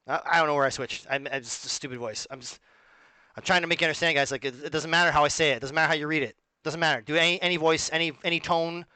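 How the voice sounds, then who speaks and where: A man with a fairly high voice talks in a rambling, casual monologue, sarcastic and prone to breaking off mid-thought. The sound is dry and close to the mic, with no room around it. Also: steady tone, very fast, bright, forceful tone, smooth, no echo. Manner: rambling, sarcastic, self-interrupting. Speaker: musician and vlogger.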